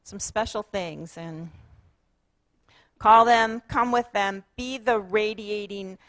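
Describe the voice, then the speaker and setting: Lady pastor at church leading the congregation in a chant, slow and encouraging, pretty dry mic sound. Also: mid-range voice, dry recording. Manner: warm, encouraging, leads call-and-response chanting. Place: church sanctuary.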